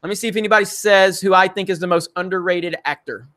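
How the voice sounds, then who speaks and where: A man's voice: sits high, fairly even intonation, fast, pushed and bright. A man hosting a casual live stream, reading viewer messages aloud, laughing often and talking loosely with many fillers. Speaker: livestream host reading super chats.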